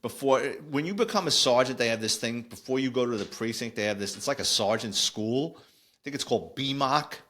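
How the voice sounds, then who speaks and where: A middle-aged man, telling a casual, animated story on a podcast with lots of digressions. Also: medium pitch, brisk, a little hiss or hum. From New York. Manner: animated, digressive, acts out quoted voices. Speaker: podcast host, former police officer.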